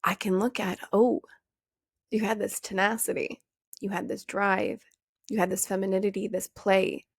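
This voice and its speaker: A young woman talks straight into a dry, close mic, her mid-pitched voice carrying a gravelly fry. She hosts a podcast in a casual, animated way, swearing freely and jumping up in pitch to act out questions she used to ask. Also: normal speed, no echo. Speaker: podcast host. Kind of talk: casual motivational monologue.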